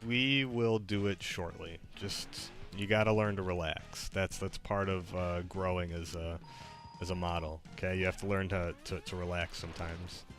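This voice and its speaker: A man streaming live, chatting in a relaxed, hesitant way full of fillers. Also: deep voice, moderate pace, soft background music. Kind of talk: casual live-stream chat.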